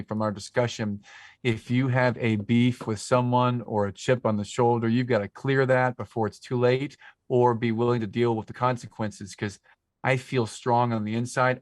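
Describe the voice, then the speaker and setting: A man's voice: mid-range voice, no room sound. A talkative man in his forties speaks as a podcast guest. His voice sits in the middle range and is recorded dry and close, with nothing around it. He drifts from story to story and gets emotional along the way. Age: 40s. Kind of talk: casual conversation. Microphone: podcast microphone.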